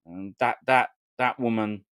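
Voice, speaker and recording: A man from London hosting a casual podcast chat, talking in an emphatic, repetitive, animated way. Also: fairly low pitch, unhurried, clear, resonant tone, no echo, clean studio sound. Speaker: podcast host.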